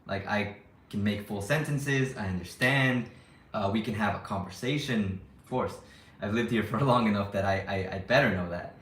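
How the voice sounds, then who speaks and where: A man who teaches English, chatting casually on a livestream, saying words clearly with occasional fast bursts. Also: fairly low pitch, a bit bright, roomy sound.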